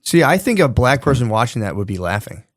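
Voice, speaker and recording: A man co-hosting a casual comedy podcast, laid-back and quick to agree. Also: medium pitch, sing-song, dry recording, studio quality. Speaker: podcast co-host.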